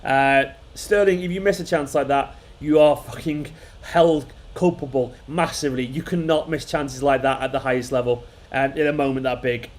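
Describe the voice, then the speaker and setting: A man's voice: mid-range voice, steady tone, normal speed, few pauses. A man hosting a football fan channel, reacting live to a match in an exasperated, swearing rant that keeps repeating itself.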